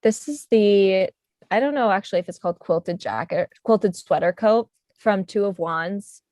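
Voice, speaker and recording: A woman's voice: medium pitch, normal speed, a little mellow, no room sound. Chatty young-sounding woman, dry video call. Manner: chatty, uses lots of likes, laughs while talking. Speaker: guest. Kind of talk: casual chat on a livestream.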